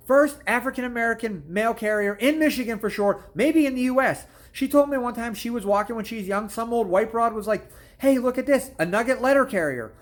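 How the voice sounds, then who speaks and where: A man hosting his own channel, telling stories in a blunt, crude comedic rant and swearing constantly. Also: very high voice. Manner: storytelling with repeated "I'm like" asides. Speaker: channel host. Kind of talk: profane comedic rant to camera.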